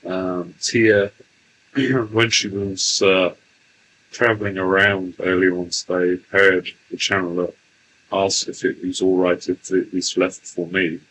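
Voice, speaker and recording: A man's voice: deep voice, little pitch movement, slow, a bit bright, slight background noise, rough recording. A man channeling a genial male alien leader from Sirius, speaking formally and unhurriedly as "we" in a trance channeling session. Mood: amiable. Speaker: channeled entity.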